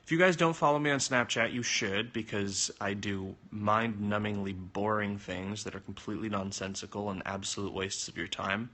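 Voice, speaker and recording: A young man chatting casually on a phone livestream, answering viewer comments with jokes and sudden jumps in pitch. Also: steady tone, normal speed, few pauses, sharp tone.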